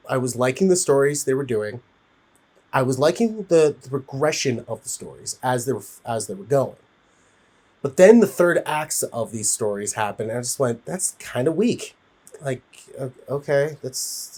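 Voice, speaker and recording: A man's voice: mid-range voice, darkish tone. A man giving a casual spoken film review, rambling with frequent fillers and restarts.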